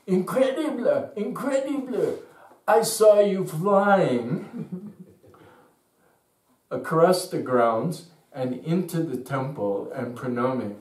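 A man voicing an excitable woman who exclaims in amazement, in a shrill, exclaiming manner. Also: measured pace, few pauses, natural voice. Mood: astonished. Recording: roomy echo, distant mic.

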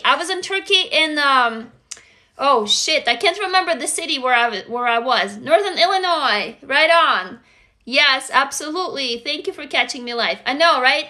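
A woman from Russia, Russian by first language, hosting a casual livestream chat, energetic, greeting viewers and swearing freely. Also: sits high. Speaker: livestream host.

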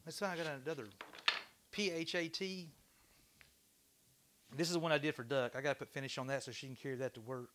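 A man hosting a casual livestream from his workshop, chatty and excitable, swearing casually as he talks to viewers. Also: a little high, fairly quick, pauses often. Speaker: livestream host. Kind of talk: casual livestream chat while woodturning.

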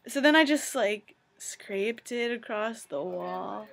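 A young woman chatting casually in a vlog, excitable and full of "like". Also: mid-range voice, slow pace, vocal fry, hardly any pauses. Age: young adult. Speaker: vlogger.

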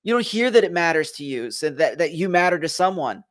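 A man's voice: on the high side, very animated, a little fast. A man from Philadelphia hosting a motivational live stream, speaking earnestly and with emphasis straight to his viewers. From Philadelphia, USA. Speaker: host of a leadership live stream.

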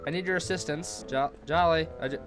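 A man's voice: fairly high pitch, fairly even intonation, fairly quick. A man doing horror game commentary, animatedly bossing around his drone and shrieking when scared. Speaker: gaming YouTuber. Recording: music playing behind voice. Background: game music.

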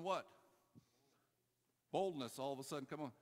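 A man preaching a sermon, telling a story and urging his church, moving between loud calls and quiet asides. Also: a little high, moderate pace, big-room sound. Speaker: pastor. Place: church hall.

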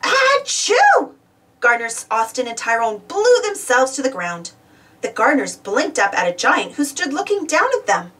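A woman reading a children's storybook aloud with expressive, lively narration. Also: on the high side, moderate pace. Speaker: storybook reader. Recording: voice distant from the mic.

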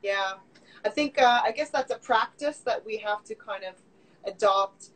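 A woman's voice: medium pitch, moderate pace, fairly bright tone, rough recording. A woman from Canada hosting a livestream interview, affirming her guest and thinking aloud. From Vancouver, Canada. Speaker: livestream show host. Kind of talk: conversational interview.

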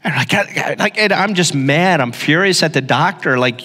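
A man's voice: fairly high pitch, expressive, moderate pace, hardly any pauses, pushed and bright. Middle-aged male pastor preaching in reverb. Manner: storytelling, emphatic repetition. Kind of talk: sermon. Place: church hall. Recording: long hall reverb.

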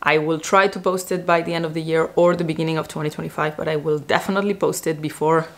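A woman's voice: low-pitched, steady tone, quick pace. A young woman chatting casually as a vlogger, recapping a TV show, a bit out of breath. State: pregnant, out of breath.

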